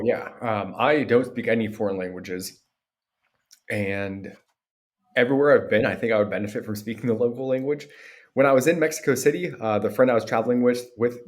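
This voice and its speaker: A man from Pennsylvania with an American accent, a podcast guest telling stories in a relaxed way and acting out quotes. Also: fairly low pitch. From Pennsylvania, USA. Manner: relaxed storytelling with acted-out quotes. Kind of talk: casual conversational interview.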